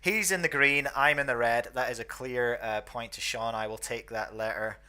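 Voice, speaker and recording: Scottish guy doing casual commentary, bright voice, jokes at himself a lot. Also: medium pitch, moderate pace, clean tone. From northeast Scotland. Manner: chatty, self-deprecating, thinks aloud. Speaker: host.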